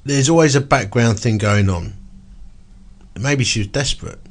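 A middle-aged man telling a story in a casual chat, animated and chatty with lots of asides. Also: mid-range voice, moderate pace.

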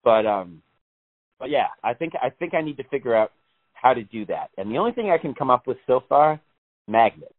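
A man's voice: mid-range voice, sing-song, fairly quick. A man chatting casually as a podcast co-host, rambling, swearing and laughing often. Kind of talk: casual chat. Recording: tinny phone-like line.

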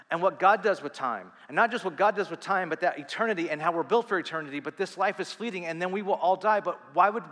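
Male pastor preaching, bright and forceful, earnest with restarts, long hall reverb. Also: high-pitched. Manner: animated, earnest, with quick asides and restarts. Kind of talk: sermon.

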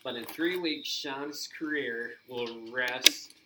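A man co-hosting a podcast, excitedly recapping events and acting out quoted lines in casual chat. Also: mid-range voice, slow, noisy background. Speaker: podcast co-host.

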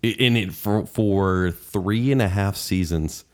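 A man's voice: deep voice, slow pace. A man co-hosting a casual chat, joking and teasing the others. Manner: jokey, teasing interjections. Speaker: podcast co-host.

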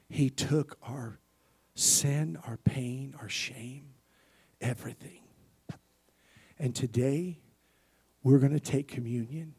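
Husky preacher swinging loud to hushed. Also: male voice, mid-range voice, slow pace, long pauses. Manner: swings from loud bursts to soft near-whispers, calls for amen. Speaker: pastor. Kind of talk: sermon.

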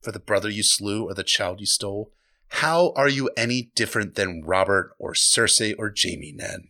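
A man putting on a proud, cold queen in a podcast recap, low and cutting, bright tone. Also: moderate pace. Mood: scornful.

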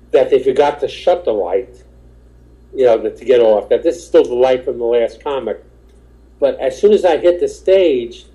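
This mid-range, dark-toned male voice belongs to a stand-up comedian guesting on a podcast, recorded with poor audio. In casual chat he rambles through anecdotes and acts out the voices of the people in them.

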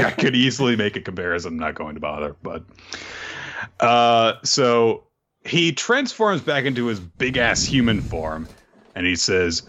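A man's voice: lowish voice, very animated, measured pace, a bit bright. A man co-hosting a casual chat recap, joking and laughing often as he acts out quotes. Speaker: podcast co-host.

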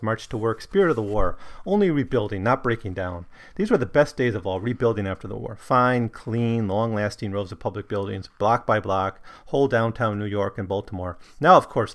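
A proud, opinionated middle-aged Italian ex-soldier, read out by a man in a plain voice with no accent, fairly low in pitch. The lines come out as straight reading from a book rather than acting. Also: gravelly, fairly bright tone.

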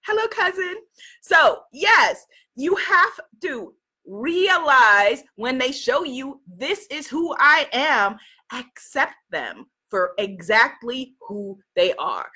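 A woman from New York giving a casual motivational talk to a live audience, animated and laughing often, greeting viewers by name. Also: sits high. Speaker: livestream host.

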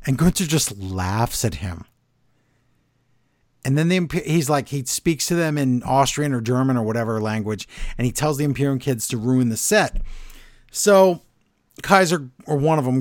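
A male podcast co-host running through a wrestling show in a quick, casual recap, tossing in short imitations of what was said. His voice sits at a middling pitch and the recording is very dry, with no room sound at all. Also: lively intonation, darkish tone, dry recording. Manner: quick recapping, acting out quotes in passing.

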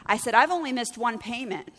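A woman's voice: a little high, fairly quick, in a large hall. A woman pastor preaching a sermon, telling stories and acting out both sides of conversations. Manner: storytelling, acts out dialogue with lively shifts.

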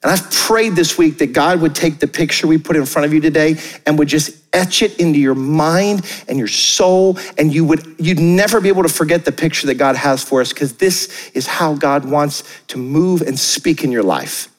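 A young adult male pastor preaching a sermon in a conversational, energetic way, with joking asides and quick acted-out quotes. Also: on the high side, in a large hall. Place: church auditorium.

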